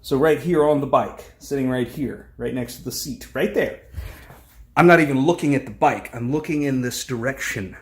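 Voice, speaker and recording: A man's voice: medium pitch, normal speed. Guy in his 30s vlogging at home, rambly storyteller, lots of uh and like, medium voice. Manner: rambling, animated storyteller with many fillers. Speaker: family vlogger. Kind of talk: casual storytelling vlog.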